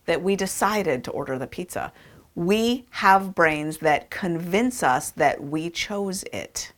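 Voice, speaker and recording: A woman with a fairly low voice tells a science story to listeners. She talks in a conversational, emphatic way, leaning on words and dropping fillers as she goes. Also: fairly bright tone. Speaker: speaker. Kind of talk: storytelling talk.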